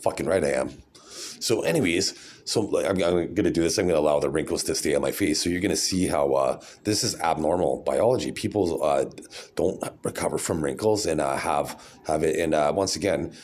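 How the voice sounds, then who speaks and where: A man's voice: very deep voice, brisk, darkish tone, a little hiss or hum. A man in his forties talking in a rambling, sarcastic, blunt casual vlog rant. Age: 40s. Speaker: vlogger.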